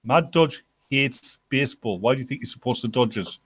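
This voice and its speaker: Teasing, husky man. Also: mid-range voice, moderate pace, a bit bright, dry recording. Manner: teasing, mocking, laughs while talking. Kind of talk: casual banter among friends.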